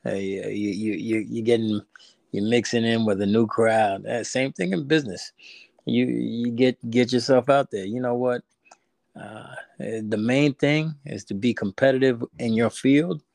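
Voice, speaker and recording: A man's voice: medium pitch, measured pace, creaky, darkish tone, dry recording, studio quality. A man, chatting on a podcast and telling a rambling story with many restarts. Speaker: podcast co-host. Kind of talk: casual podcast chat.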